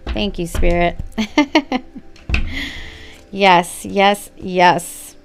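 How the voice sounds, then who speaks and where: A woman's voice: medium pitch, a little slow, creaky, faint music behind. A woman doing a casual spoken tarot reading at home, gushing and affirming as she talks straight to her viewers. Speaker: tarot reader. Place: home room at a reading table.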